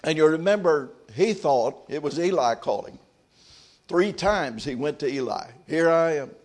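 A man preaching a sermon, reading scripture aloud and then commenting on it in quieter, reflective asides. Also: fairly high pitch, animated, moderate pace.

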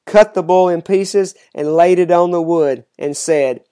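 A reader reading scripture aloud in a measured, steady way, slowing down on the solemn lines. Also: medium pitch, smooth.

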